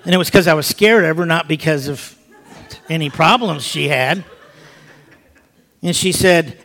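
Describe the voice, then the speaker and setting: An older man with a somewhat high voice tells a personal testimony. He is an animated storyteller who swings from lively to soft and hushed. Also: normal speed, long pauses. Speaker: speaker giving a personal testimony. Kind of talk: spoken testimony.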